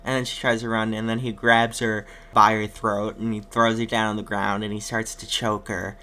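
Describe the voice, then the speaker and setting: A man's voice: on the low side, little pitch movement, moderate pace, pushed and bright. A man appearing as a podcast guest, casually retelling a film's plot with lots of fillers and acted-out quotes. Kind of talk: casual film recap chat.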